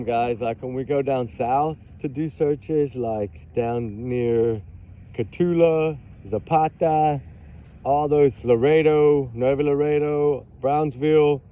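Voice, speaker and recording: A man with a Texan accent, chatting casually outdoors in a rambling way that drifts off topic, heard through a tinny, phone-like recording. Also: mid-range voice. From Texas. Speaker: vlogger. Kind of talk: casual chat.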